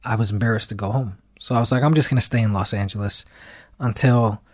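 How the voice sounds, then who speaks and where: A man in his thirties, a guest musician, tells a long story during an interview, acting out what people said to him. His voice is fairly low and he talks fast, with no room sound. The retelling is animated, full of quoted dialogue performed aloud.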